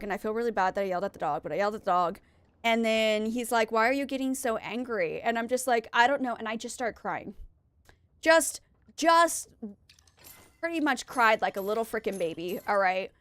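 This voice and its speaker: A young woman streaming a game, chatting casually and rambling as she vents to her viewers between game moments. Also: a little high. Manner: rambling, venting, talks to chat while playing. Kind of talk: casual chat while gaming.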